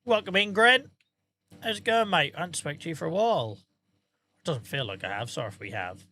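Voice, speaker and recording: A man's voice: a little high, animated, a little fast, pushed and bright. A tired man, chatting casually to viewers on a game livestream and telling rambling, sweary stories. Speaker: streamer.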